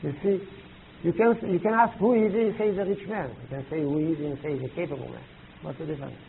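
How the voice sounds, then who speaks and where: A man teaching a class, halting and searching for words, with emphatic rising questions to students. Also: on the high side, steady tone, vocal fry. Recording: tinny lo-fi old tape recording with faint hiss.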